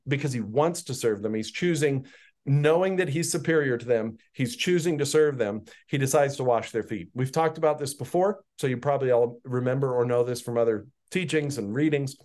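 A man's voice: medium pitch, brisk. Man giving a conversational Bible teaching. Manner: conversational, animated retelling with asides.

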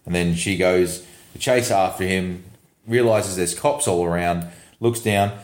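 Rambling man, echoey room. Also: low voice. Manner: rambling, halting, full of fillers and laughs. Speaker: podcast co-host reviewing a film. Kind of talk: casual chat recapping a movie. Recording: roomy echo.

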